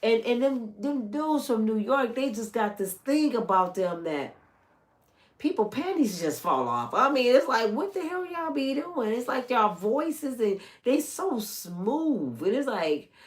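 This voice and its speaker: A woman's voice: on the high side, very animated, a little slow. A middle-aged woman from the United States chatting casually and teasingly as a channel host, drawling and chatty. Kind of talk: casual gossip commentary.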